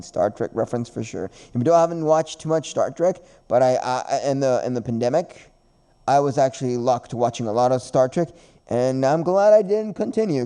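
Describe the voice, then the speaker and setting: A podcast host with a fairly high, warm voice chats casually, rambling and repeating himself. He laughs frequently throughout.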